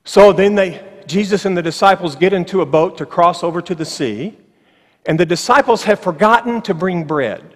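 Male pastor, sermon in a church sanctuary; higher voice, emphatic and slow on key lines, wry asides, long reverb. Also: expressive. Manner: emphatic, slowing on key phrases, with ironic asides.

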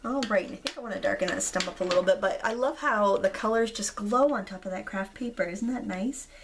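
A woman in her thirties, a hoarse craft video host, talking casually through a tutorial with many relaxed ums. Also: mid-range voice, brisk, noisy background. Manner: chatty, relaxed, frequent ums. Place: indoors at a craft table.

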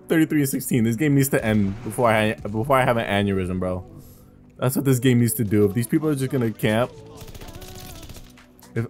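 A man giving live gameplay commentary, exasperated and swearing as he trash-talks opponents and teammates and asks his viewers questions. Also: lowish voice. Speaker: gaming streamer.

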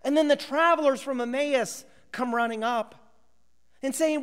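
A male pastor preaching a sermon, acting out voices of biblical characters and dropping to a hushed whisper for emphasis. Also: very high-pitched, moderate pace, long reverb tail.

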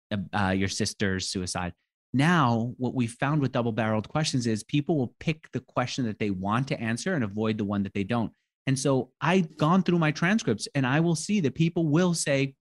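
A man in his forties, a podcast guest, talking casually and acting out quoted dialogue with lively storytelling. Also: mid-range voice. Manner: animated, acts out quoted dialogue, tells stories fast. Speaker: podcast guest, interviewer and author. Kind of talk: casual conversation.

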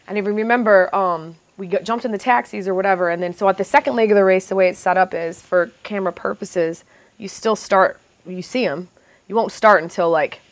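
Lively storytelling woman, dry sound. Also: medium pitch, no echo. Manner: lively, profane, acts out other people's lines. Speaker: reality TV contestant guest. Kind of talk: animated storytelling chat.

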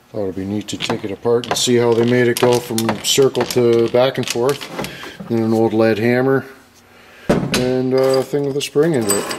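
A man's voice: fairly low pitch, noisy background. A man rambling casually and profanely about his projects, full of folksy slang. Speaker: vlogger.

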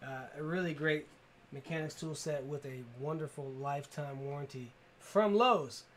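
A man's voice: on the high side, normal speed, a bit bright, a little hiss or hum. Upbeat man hosting a giveaway stream. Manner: upbeat, calls out to viewers and reads comments aloud. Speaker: tool channel livestream host. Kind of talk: casual livestream giveaway chat.

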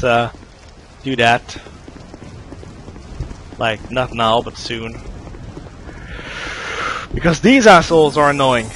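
A man's voice: mid-range voice, a bit bright, a little hiss or hum. A man streaming a video game, chatting casually and swearing while he plays. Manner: casual, profane, joking. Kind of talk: casual let's-play commentary.

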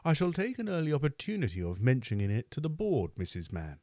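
A man's voice: mid-range voice, wildly swooping pitch, quick pace, mellow, no echo, studio quality, pitched above the performer's own voice. A man voicing a pompous, self-important parish beadle who speaks in a stern, oratorical way.

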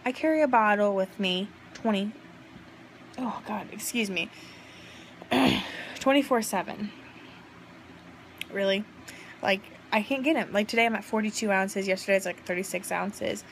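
A woman's voice: mid-range voice, moderate pace, long pauses, a little hiss or hum. A young woman in a casual vlog, recording on a handheld phone at home and talking frankly while in pain after surgery, rambling and swearing casually. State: in pain, burping. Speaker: vlogger. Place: home, indoors.

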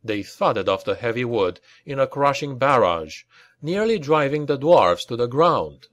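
Slow, lively-voiced male audiobook narrator. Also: mid-range voice, dry recording. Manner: slow, deliberate reading with lively acted dialogue.

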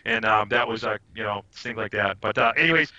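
Rambling bright-voiced man telling stories. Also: lowish voice, a little fast. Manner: rambling, animated, trails off and restarts. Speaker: podcast guest. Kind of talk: casual storytelling chat. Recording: dull lo-fi audio.

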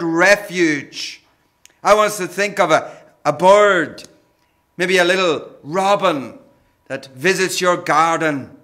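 A man preaching a gentle sermon, often calling his listeners friends. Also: sits high. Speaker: pastor.

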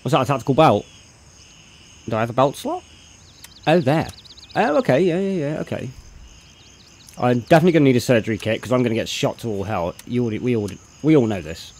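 A young man talks through a game live, thinking aloud as he sorts his gear. He chats casually with his viewers and greets them in a loud, upbeat burst. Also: mid-range voice, big pitch swings, fast talker, long pauses. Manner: chatty, thinks aloud, greets chat loudly. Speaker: game streamer. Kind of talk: live gameplay commentary.

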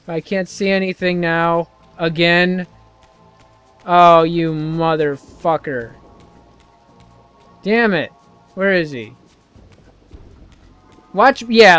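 A man's voice: sits high, a bit bright, smooth. A man commentating his own gameplay, muttering and swearing in frustration as he plays. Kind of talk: frustrated let's-play commentary.

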